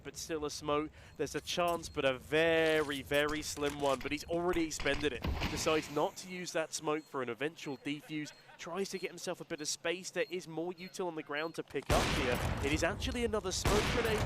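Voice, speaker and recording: Guy casting esports play by play, kinda excitable, slightly high voice, faint noise behind. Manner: excitable, voice jumps high and loud in big plays. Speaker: esports caster. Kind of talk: play-by-play commentary.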